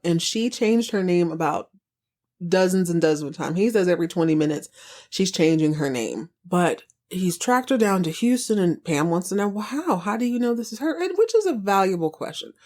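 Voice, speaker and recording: A woman's voice: on the low side, lively intonation, fairly quick, darkish tone. A woman podcast host giving a chatty, sassy recap of a TV episode, wandering off on tangents as she goes.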